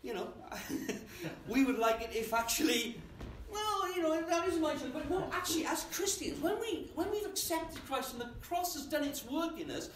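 A man's voice: very high voice, expressive, moderate pace, hardly any pauses, fairly bright tone, a little hiss or hum. A man preaching a sermon in a church, conversational and often asking the congregation questions. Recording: echoey church from a distance.

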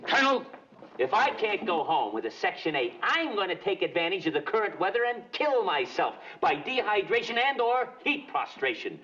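A brash wisecracking army corporal in a dress. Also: male voice, high-pitched, big pitch swings, normal speed, bright, forceful tone, heavily acted. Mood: pleading. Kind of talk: 1970s TV sitcom acting. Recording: dull old TV soundtrack with faint hiss.

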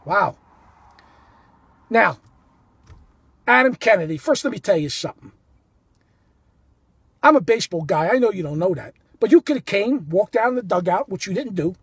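A man telling a heated story about a ballgame as a fan, animated and indignant, cursing and repeating himself. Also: high-pitched, moderate pace, pauses often, breathy edge, no room sound. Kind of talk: heated first-person storytelling.

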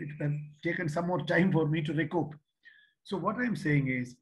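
A man's voice: a little high, low-quality recording. A man in his sixties from Kerala with an Indian English accent, telling personal stories as a speaker at a youth leadership seminar. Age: 60s. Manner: storytelling, reflective, with frequent restarts and quotes. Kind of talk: motivational talk to youth.

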